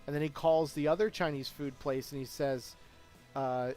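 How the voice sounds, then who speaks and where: A man's voice: on the high side, fairly even intonation, normal speed, warm tone, faint music behind. A young man in a casual live stream chat, telling long stories with many fillers and bursts of laughter. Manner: rambling storyteller with lots of laughter and fillers.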